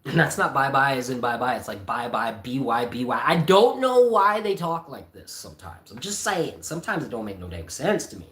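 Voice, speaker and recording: A man reading a classic novel aloud on a livestream at home, with casual asides and frequent throat-clearing. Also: medium pitch, very animated, fairly quick, hardly any pauses, a bit bright. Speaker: channel host, reader. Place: home by a Christmas tree. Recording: roomy echo.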